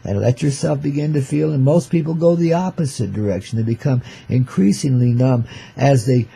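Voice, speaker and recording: A man's voice: medium pitch, moderate pace, vocal fry, dark tone, husky. An older man hosting his own show, drifting through a laid-back rhyming monologue full of hip slang, calling his listeners "babies" and "man" and chuckling between lines. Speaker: show host.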